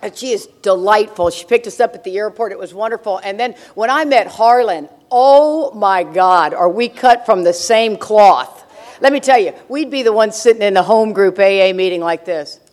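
At a recovery meeting, an older woman shares funny stories with an audience, full of brash jokes and frequent laughter. Her voice is medium in pitch, slightly mellow, and her pace is normal.

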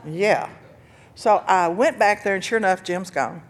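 An older woman giving an earnest personal testimony about recovery and loss, telling her story with bursts of laughter and loud quoted lines. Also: mid-range voice, slow. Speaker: speaker sharing recovery story.

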